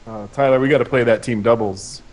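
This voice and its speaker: A young man co-hosting a podcast, talking brashly and animatedly in casual chat, quick to swear. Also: mid-range voice, fairly even intonation, a little mellow, a little hiss or hum. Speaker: podcast co-host.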